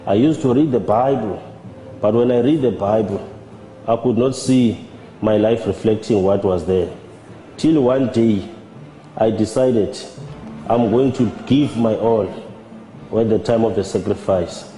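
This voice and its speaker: Dark-voiced man, reverberant. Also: on the low side, slight background noise. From South Africa. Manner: measured, halting, with repeated words. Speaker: church member giving testimony. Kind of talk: personal testimony. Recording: roomy with long reverb and faint music.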